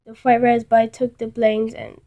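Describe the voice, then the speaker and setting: A woman reading a dark first-person story aloud in a dramatic way, often stumbling and restarting words. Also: a little high, monotone, normal speed, rough recording. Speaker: story reader.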